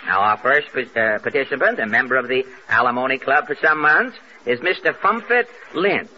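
A man hosting a 1940s radio comedy, interviewing guests with wry, dry quips. It is a muffled old radio broadcast with loud hiss. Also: medium pitch, animated, normal speed.

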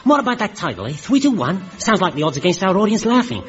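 A man playing a brash game show host in a comic radio sketch, firing off rapid punning patter. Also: sits high, sing-song, faint music behind. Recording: dull old radio recording with loud audience and noise.

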